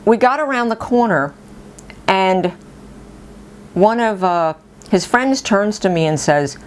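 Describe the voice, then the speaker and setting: A middle-aged woman tells a personal story in a relaxed, chatty way. Her voice sits at a mid pitch, and she is animated and quick to laugh. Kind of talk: casual spoken storytelling.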